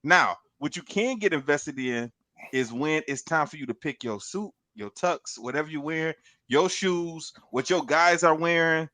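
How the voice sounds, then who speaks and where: A man's voice: on the high side, unhurried, no echo. A middle-aged man in casual podcast chat, giving advice and repeating himself as he talks. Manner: animated, repeats words, gives advice. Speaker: podcast co-host.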